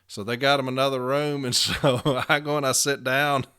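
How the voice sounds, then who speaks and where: A man talks through a casual solo podcast in a smooth, resonant voice of middle pitch. He tells his stories bluntly, swears freely and chuckles as he goes. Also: little pitch movement, normal speed, few pauses, sharp tone. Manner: blunt, profane storyteller who often chuckles. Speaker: union advocate and podcast host.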